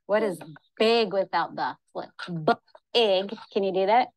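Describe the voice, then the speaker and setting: A woman's voice: medium pitch, unhurried, no echo, poor audio. A woman teaching young children, patiently sounding out letters and sounds. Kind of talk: classroom teaching. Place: classroom.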